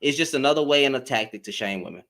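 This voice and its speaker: Animated, exasperated man ranting live. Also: medium pitch, fast talker. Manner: animated and exasperated, repeats phrases, swears. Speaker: live stream host. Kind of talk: heated commentary.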